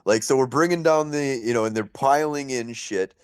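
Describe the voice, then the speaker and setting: A man's voice: mid-range voice, normal speed, clean tone, no echo. Laughing man telling a battle story. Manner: animated storytelling, laughs often, many fillers. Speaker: podcast host. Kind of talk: casual podcast chat.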